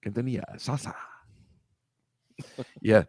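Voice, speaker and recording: A man's voice: lowish voice, steady tone, takes it slowly, a little mellow, breathy edge, dry recording, clean studio sound. A man hosting a casual video-call chat over shared slides, rambling, wry and mocking, swearing freely. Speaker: host.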